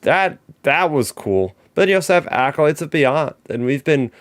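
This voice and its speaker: Excited man hosting a podcast. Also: fairly high pitch, moderate pace, dry recording, clean studio sound. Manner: excited fan talk, lots of "like" and restarts. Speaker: podcast host. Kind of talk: casual chat.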